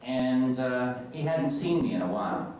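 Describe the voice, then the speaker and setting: A middle-aged man from the United States, an actor telling stories on stage as a convention guest, lively and self-mocking. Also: medium pitch, measured pace, slight background noise. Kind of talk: on-stage storytelling. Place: large convention hall. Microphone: distant camcorder in audience. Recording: echoey hall from far off, faint ambience.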